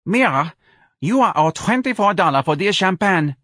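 A man's voice: high-pitched, animated, normal speed, pushed and bright, husky, dry recording, clean studio sound, voice pushed up, exaggerated voice. A male narrator voicing a pushy, threatening bar hostess. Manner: brash, wheedling, threatening. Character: pushy fortyish female bar hostess, menacing.

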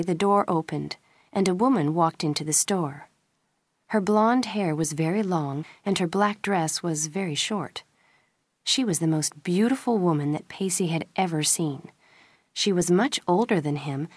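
A woman's voice: darkish tone, slightly rough, no room sound. A woman reading a story aloud, lifting her voice a little for each character's lines. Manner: reads all characters' lines with small pitch lifts. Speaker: narrator.

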